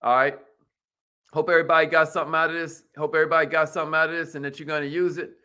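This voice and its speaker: High-energy man hosting a live stream. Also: flat delivery, racing, pushed and bright, smooth. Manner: hypes viewers, calls out commenters by name; repeats phrases, leads affirmations. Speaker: host of a live business stream.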